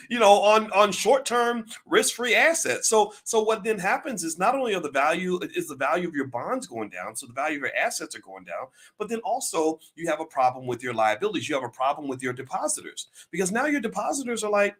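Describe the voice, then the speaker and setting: A man giving an emphatic, preachy talk on finance, firing rhetorical questions and rising to near-shouts. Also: a little high, sing-song, fairly quick, breathy edge. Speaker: finance commentator.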